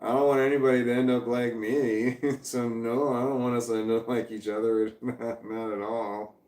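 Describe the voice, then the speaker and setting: A man's voice: mid-range voice, flat delivery, moderate pace, a little mellow, echoey room. A man on a casual livestream, ranting heatedly and swearing, with laughs between sentences. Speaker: vlogger.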